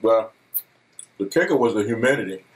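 A man's voice: lowish voice, animated, moderate pace, a little hiss or hum. A man co-hosting a mukbang eating show, talking in a laid-back, drawling casual chat while he eats. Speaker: mukbang co-host.

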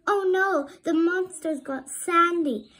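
A woman voicing a timid little boy fish who stammers in a high, urgent voice. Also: takes it slowly, a bit bright, heavily acted. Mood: brave.

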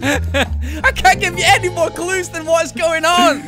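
A man's voice: very high voice, measured pace, over music. A young man teasing and joking with friends while gaming on a headset. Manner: teasing, playful, shouty. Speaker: gamer. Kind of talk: casual chat while gaming.

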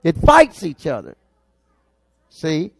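A male pastor preaching a sermon, swinging from loud, excited shouts to low, intense asides. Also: slow, gravelly, no room sound.

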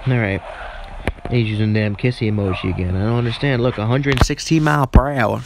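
A man's voice: medium pitch, fairly even intonation, a little fast, vocal fry, noisy background. A man giving goofy, rambling commentary on a mobile racing game at home, cheering at the screen and joking between races. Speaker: mobile game let's-player. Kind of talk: casual live gameplay commentary. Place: at home with barking dogs.

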